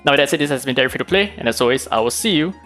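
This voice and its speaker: A man's voice: mid-range voice, animated, racing, a bit bright, soft background music. A man hosting a gaming channel, talking through a game guide in a casual, analytical way with frequent fillers.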